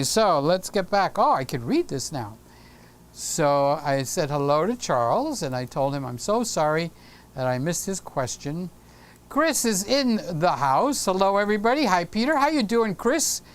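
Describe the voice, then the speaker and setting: A middle-aged man hosting a live stream, chatting casually and teasing viewers by name as he reads their comments. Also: high voice. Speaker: livestream host.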